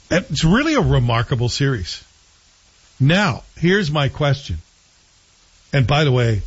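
A man co-hosting a show and chatting in an opinionated, animated way about TV series. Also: mid-range voice, husky. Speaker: show co-host reviewing TV. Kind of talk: casual chat. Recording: dull lo-fi sound.

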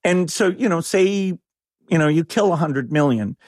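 A man with a slightly higher-than-usual voice speaks as an interview guest, emphatic and alarmed. His delivery is insistent and openly incredulous. The sound is dry and close, with no room echo. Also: lively intonation, moderate pace, a little mellow. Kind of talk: interview conversation.

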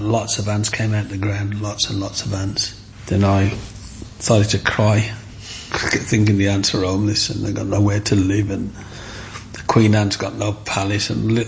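Older guy, gravelly creaky voice, animated storyteller, faint hiss behind. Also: on the low side, moderate pace. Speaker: interviewee. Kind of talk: storytelling interview.

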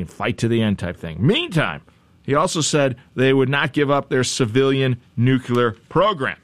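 A man's voice: medium pitch, expressive, normal speed, no room sound. Wry, chatty male news talk host. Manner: wry, chatty asides and repeated phrases. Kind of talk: conversational news commentary.

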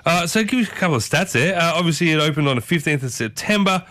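Chatty Australian radio host, dry sound. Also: male voice, on the high side, animated, fast, fairly bright tone, dry recording. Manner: enthusiastic, rambling, reminiscing with lots of asides. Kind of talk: chatty community radio show. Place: radio studio.

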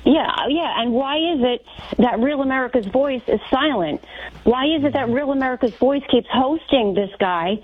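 A woman calling in to a radio show, indignant and quick to agree. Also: sits high, breathy edge. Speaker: caller. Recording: dull lo-fi phone audio.

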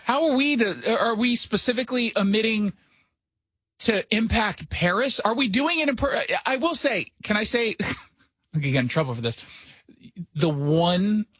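A man's voice: sits high, expressive, normal speed, a bit bright, slightly rough, no room sound. A man hosting a radio show in a studio, chatting casually with sarcastic, joking asides. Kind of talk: casual opinion chat.

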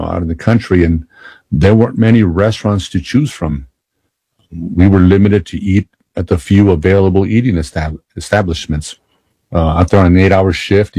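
A man with a deep, mellow voice, a former state trooper, tells stories from his years on the job in a relaxed, halting way. He pauses on "uh", restarts his sentences and chuckles at his own tales. The recording is dry and close, with no room sound. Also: breathy edge, dry recording. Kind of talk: casual anecdotal storytelling.

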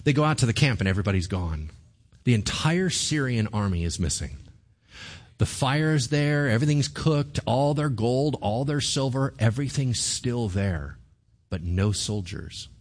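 A man's voice: medium pitch, moderate pace. A pastor preaching to a congregation. His voice rises and falls a great deal as he retells an old story, breaking off to quiz his listeners and joke with them. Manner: animated storytelling with asides to the audience. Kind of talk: sermon.

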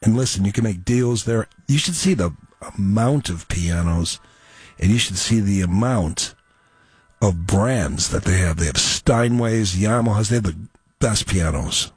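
A man's voice: fairly low pitch, measured pace, husky, no room sound, faint music behind. A male radio host, chatting with callers and reading ads in a jokey way. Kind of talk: radio call-in and ad reads.

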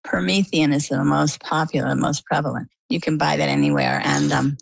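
A middle-aged woman with a low, gravelly voice, telling her story as an interview guest. She is a lively storyteller who plays out the dialogue. The sound is close and dry. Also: moderate pace, no echo, poor audio. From Maine, US.

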